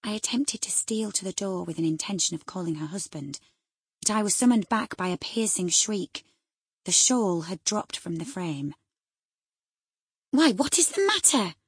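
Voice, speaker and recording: A woman narrating a classic novel as an audiobook reader, in a measured, even storytelling manner. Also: on the low side, breathy edge, no echo, clean studio sound.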